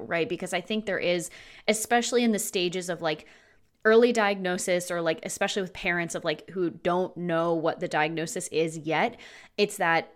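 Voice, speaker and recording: A woman co-hosting a casual podcast, explaining her thoughts at length with lots of "like" and "right?". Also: on the low side. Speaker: podcast co-host.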